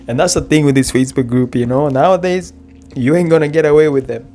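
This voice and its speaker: A man comments on clips in loose slang, chuckling and talking straight to the viewer. His voice is dark and mellow, with faint music running underneath. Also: on the high side, quick pace. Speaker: reaction commentator.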